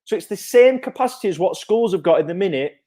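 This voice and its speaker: A man, a childcare provider giving parents an energetic, reassuring live update. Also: fast. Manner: energetic, repetitive, upbeat sales-pitch reassurance.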